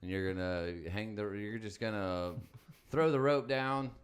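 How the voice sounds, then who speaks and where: A man co-hosting a comedy podcast, rambling in casual banter with sudden loud bursts. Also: on the low side, measured pace, smooth.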